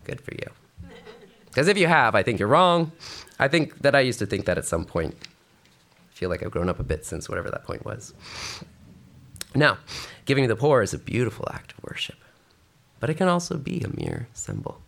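A man's voice: medium pitch, moderate pace, gravelly, long pauses. A man preaching a sermon who reads scripture aloud and then urges his listeners on. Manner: expressive, reading scripture then exhorting the congregation.

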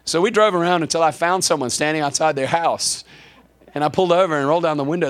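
A man's voice: a little high, quick pace. South African man telling a sermon story. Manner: animated anecdotal telling with frequent repeated words. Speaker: preacher.

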